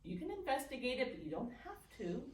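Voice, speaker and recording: Soft-spoken woman teaching meditation in an echoey room. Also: on the high side, sing-song, quick pace, distant mic. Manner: gentle, playful, speaks to her thoughts in a soft aside voice. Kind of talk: guided meditation class. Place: library meeting room.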